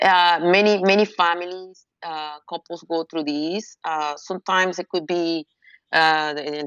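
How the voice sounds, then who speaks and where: Woman, interview guest, hesitant, lowish voice, dull lo-fi sound. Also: fairly bright tone, smooth, no room sound. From United States. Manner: hesitant, many fillers and restarts. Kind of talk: interview answers.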